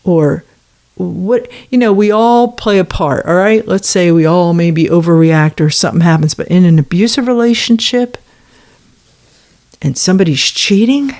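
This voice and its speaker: A woman's voice: on the low side, moderate pace, darkish tone. Woman reacting to messages she reads out, sarcastic and fed up, firing questions at her listeners. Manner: sarcastic, indignant asides. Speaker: commentator on a former church. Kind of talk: reaction commentary, reading messages aloud.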